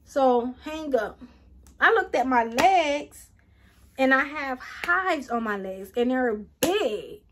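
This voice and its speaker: A young woman tells a storytime vlog. Her voice sits high, and she speaks straight to the viewers in an animated, chatty way. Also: slow pace, a little hiss or hum. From Atlanta, USA. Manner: animated, talks straight to viewers, acts out quotes. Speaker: vlogger.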